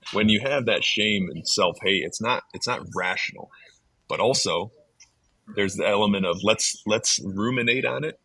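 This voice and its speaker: A man's voice: fairly low pitch, sharp tone, slightly rough, dry recording, low-quality recording. A man hosting a podcast, chatting enthusiastically and casually with his guest. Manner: enthusiastic, chatty, says "dude". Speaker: podcast host. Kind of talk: casual conversation.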